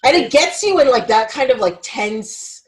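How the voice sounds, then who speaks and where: A woman hosting a podcast, talking in a casual, animated way with lots of filler words. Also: fairly high pitch, moderate pace, poor audio. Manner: animated, chatty, many "like" fillers. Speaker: podcast host. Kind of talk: casual chat.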